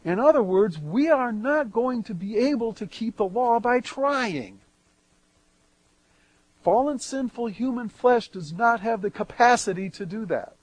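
A man preaching verse by verse, reading scripture aloud and then explaining it, with strong swings between loud and soft. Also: extremely high pitch, expressive, unhurried, no room sound, poor audio. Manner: emphatic swings in loudness. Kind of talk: verse-by-verse Bible teaching.

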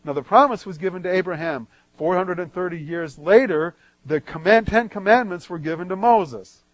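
A man's voice: high voice, normal speed, no room sound, rough recording. Emphatic man teaching Bible verses. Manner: reads scripture then explains it; emphatic swings in loudness. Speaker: preacher.

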